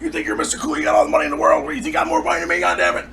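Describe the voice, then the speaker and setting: A man voicing his furious middle-aged father, who shouts and curses. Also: extremely high pitch, very animated, very fast, creaky, slight background noise, voice pushed up, full character voice. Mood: enraged. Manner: shouting, cursing.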